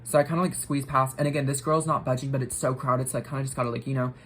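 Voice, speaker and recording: A woman's voice: extremely low pitch, steady tone, very fast, a little hiss or hum, low-quality recording. A young woman vlogger telling a story while getting ready, rambling with lots of filler words and swearing.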